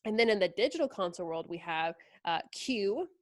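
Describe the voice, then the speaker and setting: A woman's voice: mid-range voice, lively intonation, brisk, no room sound. A woman talking casually as a product specialist, explaining mixing consoles with lots of fillers. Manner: chatty, lots of fillers and likes. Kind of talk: casual technical demo talk.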